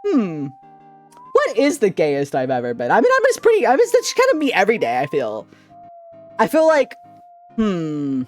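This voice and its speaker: A young man chatting on a live stream as a VTuber, excitable, giggly and rambling, with a lot of laughter. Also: sits high, moderate pace, pauses often, soft background music. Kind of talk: casual live-stream chat.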